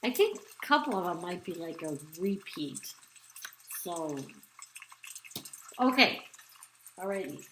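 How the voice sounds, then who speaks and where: Woman, tarot reader, slow and rambly, bright tone, recorded in an echoey room. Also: on the low side, sing-song, slight background noise. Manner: rambling, many ums and restarts. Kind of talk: casual spoken tarot reading.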